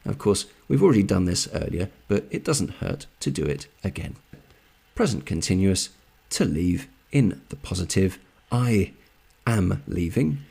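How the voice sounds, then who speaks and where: A man with a London accent teaching English grammar, slowly and carefully repeating example sentences. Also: deep voice, very animated, gravelly, dark tone, breathy edge. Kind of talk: slow, deliberate grammar lesson.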